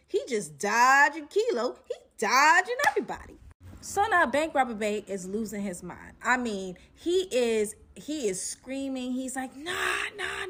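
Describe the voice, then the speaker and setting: A young adult woman casually narrating a personal story to her viewers, animated and chatty, calling them "y'all" and leaning on "like". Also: fairly high pitch. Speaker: storytelling vlogger.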